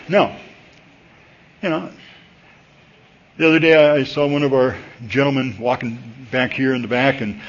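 A man preaching a sermon at a church service, talking to the congregation in a conversational, animated way and jumping up in pitch when he gets excited. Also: moderate pace, long pauses, slight background noise. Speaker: pastor. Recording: dull lo-fi recording.

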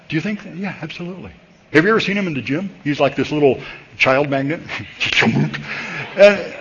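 A man preaching a sermon at a church service, talking to the congregation in a conversational, animated way and jumping up in pitch when he gets excited. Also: a little hiss or hum. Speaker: pastor. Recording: dull lo-fi recording.

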